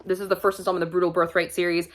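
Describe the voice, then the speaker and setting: A woman's voice: on the low side, level tone, racing. A woman reviewing books in a casual vlog, chatty and gushing, laughing often as she talks. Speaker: book reviewer.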